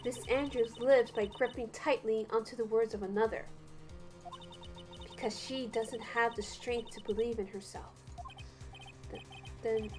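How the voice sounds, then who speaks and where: A woman putting on a stern male prosecutor who speaks in a deliberate, lowered voice. Each line is measured and probing, slow in pace. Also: darkish tone, lightly acted. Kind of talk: let's play voice reading.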